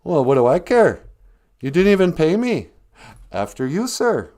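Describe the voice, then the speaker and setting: A brash teenage hero, voiced high and lively by a man telling a story. He speaks up with emphasis, swinging his pitch widely. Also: unhurried. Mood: sulky. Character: young teen boy hero, sulky then resolute.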